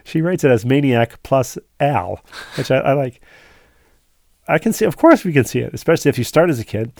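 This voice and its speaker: This man co-hosts a chatty podcast and reads listener emails aloud, drifting into rambling asides. His voice has a gravelly, creaky edge. The sound is close and dry, with no room around it. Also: mid-range voice, lively intonation, fairly quick, a little mellow, dry recording. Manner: rambling, digressive, full of asides. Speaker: podcast co-host. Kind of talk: casual podcast chat, reading listener emails.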